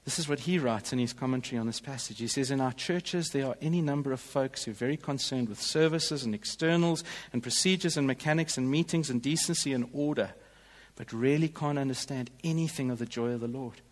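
A man's voice: mid-range voice, fairly quick, in a large hall. A male pastor delivering a sermon in a church, in an earnest, emphatic way.

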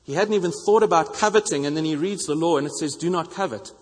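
A man delivers a sermon in a slightly raised, husky voice. He is earnest and hammers his points home through repetition. The sound carries the long reverb of a church hall. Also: on the high side, quick pace. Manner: earnest, repeats phrases for emphasis. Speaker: preacher.

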